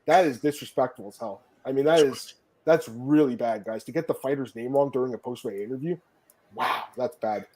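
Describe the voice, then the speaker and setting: A man hosting a casual sports podcast, talking fast and excitedly, swearing and laughing often. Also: medium pitch. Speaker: podcast host.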